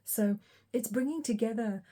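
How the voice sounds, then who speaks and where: A woman giving a collective tarot reading, talking in a reflective, unhurried way with frequent ums and pauses. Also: a little high, mellow. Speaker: tarot reader.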